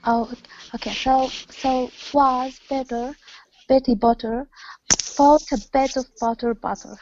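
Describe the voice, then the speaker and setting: A woman's voice: high-pitched, steady tone, measured pace, noisy background. A woman student reading a tongue twister aloud in an online lesson, hesitant, often repeating words. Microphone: tablet on voice chat. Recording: dull lo-fi tablet voice chat.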